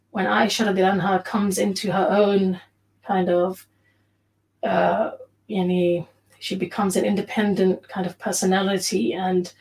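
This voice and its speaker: An earnest woman leads an online religious class for other women over a video call. She speaks in an unhurried way, pausing often and mixing in short Arabic phrases. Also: medium pitch, darkish tone, poor audio. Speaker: teacher of an online Islamic class.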